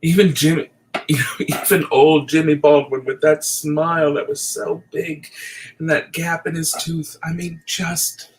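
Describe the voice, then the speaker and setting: A man's voice: on the high side, flat delivery, a little slow, a little hiss or hum, rough recording. A middle-aged man delivering an impassioned, profane late-night rant, at times teary. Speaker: video essayist.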